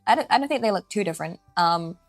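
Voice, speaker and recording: A woman's voice: medium pitch, lively intonation, fast, dry recording, soft background music. A woman streamer chatting casually at her setup, giggly, scattered and self-deprecating, often restarting her sentences. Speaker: streamer, virtual avatar host. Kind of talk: casual live-stream chat.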